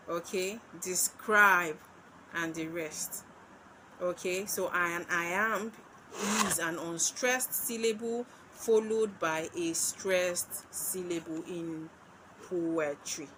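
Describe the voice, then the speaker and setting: Slight background noise and poor audio surround a Nigerian woman's medium-pitched, somewhat bright voice. She's a literature tutor preparing students for exams, moving slowly, repeating key ideas, and answering her own questions.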